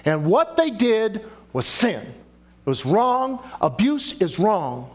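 Male preacher with a somewhat high voice, emphatic sermon delivery that questions the listeners. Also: very animated, takes it slowly. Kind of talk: sermon with scripture reading.

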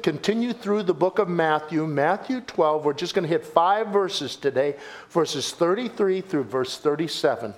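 Male pastor, sermon delivery, slow, animated pitch, emphatic repetition. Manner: dramatic storytelling with emphatic repetition; addresses listeners as folks.

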